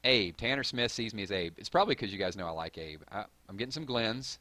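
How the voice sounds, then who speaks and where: A man with a Southern drawl hosting a live stream, reading viewer comments and hyping up his audience in a rambling, excitable way. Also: lowish voice, quick pace, no room sound. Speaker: gaming channel host.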